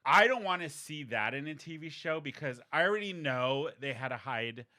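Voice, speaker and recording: A man's voice: a little high, expressive, normal speed, pushed and bright. A man co-hosting a podcast in casual chat, chatty and laughing often, trailing off mid-thought. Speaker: podcast co-host.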